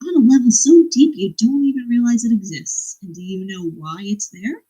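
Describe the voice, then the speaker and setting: Woman reading out a gentle older guy giving earnest advice, husky breathy voice. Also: a little high, moderate pace, rough recording. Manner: read aloud, earnest, plain reading voice.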